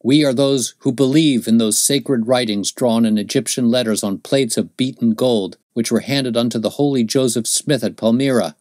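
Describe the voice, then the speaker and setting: A man's voice: medium pitch, moderate pace, hardly any pauses, darkish tone, no room sound, clean studio sound, voice pushed up, close to an everyday voice. A man voicing a stern, zealous young male pilgrim in an audiobook, speaking in a fervent, solemn preaching tone. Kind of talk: audiobook character voice.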